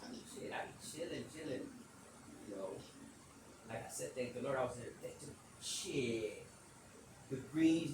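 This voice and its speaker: Middle-aged man, podcast host, lively swooping pitch, casual slangy storytelling, heavy room echo, distant from the mic, noisy background. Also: a little slow, long pauses. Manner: animated, acts out quotes in a high voice; loose slangy delivery, frequent cursing. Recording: echoey room, voice off-mic, audible noise.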